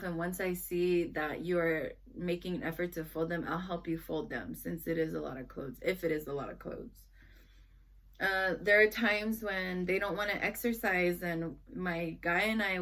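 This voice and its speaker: A young mother vlogs to camera in a casual, reflective way about how she talks with her kids. Her voice is lowish and slightly bright, and she's earnest and rambling, frequently restarting sentences and acting out what she says to them.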